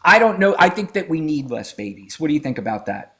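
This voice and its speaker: A man's voice: on the high side, very animated, fast, a bit bright. A man hosting a live political debate stream, arguing heatedly and profanely with a caller and talking over him.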